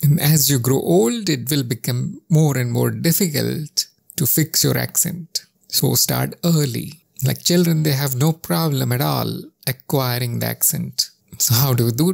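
A man talks through a spiritual lesson in a calm, instructive way. His voice is strongly gravelly and fried, and it sits mid-range in pitch. The recording is dry and close, with no room sound. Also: no room sound. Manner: calm, measured, instructive, with deliberate pauses. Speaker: spiritual teacher. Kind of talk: spoken spiritual teaching monologue.

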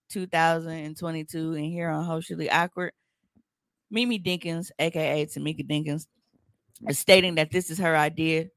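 A woman, co-hosting a podcast in blunt, animated, profane casual chat. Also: sits low, creaky, no room sound, studio quality. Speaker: podcast co-host.

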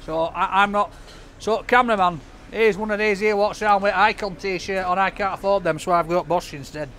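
A man chats to camera outside a takeaway, cracking jokes at his cameraman. His voice sits high for a man. Faint street noise hums behind him. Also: steady tone, fairly quick, fairly bright tone. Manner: jokey, banters with his cameraman. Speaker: takeaway food reviewer. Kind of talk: casual vlog chat to camera.

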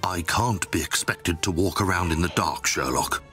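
A man voicing fretful Watson, very deep. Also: moderate pace, natural voice. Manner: earnest, fretful. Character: Watson, the detective's anxious male companion. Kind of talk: game voice acting. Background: game music.

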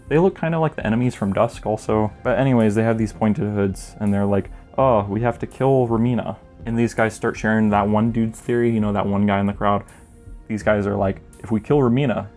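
A man's voice: on the low side, darkish tone. A man recapping a manga in a casual, joking way, full of rambling asides. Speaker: video essayist reviewing a manga.

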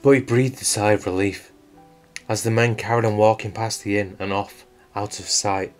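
A man with a fairly low voice reads a true-crime story in a measured, suspenseful way. Soft guitar music plays quietly behind him. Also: steady tone. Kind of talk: scripted true-crime narration. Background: faint guitar music.

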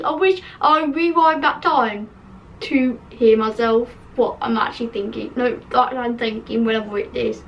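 A woman's voice: on the high side, normal speed, creaky, far from the mic, lo-fi sound. Giggly young woman reading old notes. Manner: giggly, self-mocking, laughs often at her spelling. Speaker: channel host reading an old dream book. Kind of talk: casual chat reading aloud.

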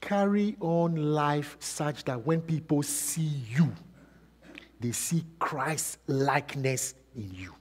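Male pastor preaching, slightly high voice, long church reverb, rhetorical questions, rises and drops in volume. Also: takes it slowly. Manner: preaching with rhetorical questions, swinging between loud and soft. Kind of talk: sermon.

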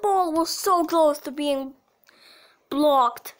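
Woman gamer, high and unhurried, excitable self-talk, casual play-by-play. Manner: excitable, talks to herself while playing, cheers at goals. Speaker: mobile game player. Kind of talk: casual gameplay commentary.

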